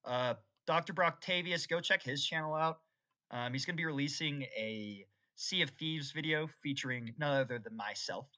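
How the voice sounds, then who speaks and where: A young man rambling unscripted on camera, laughing and swinging from excited outbursts to mock-solemn musings. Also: a little high. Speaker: YouTuber. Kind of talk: unscripted rambling vlog commentary.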